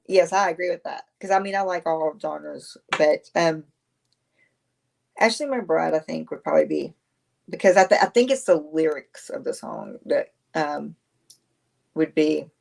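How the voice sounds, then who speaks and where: A woman's voice: fairly low pitch, creaky, darkish tone. A woman, chatting casually on a livestream, rambling, answering viewers and laughing often. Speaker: livestream host.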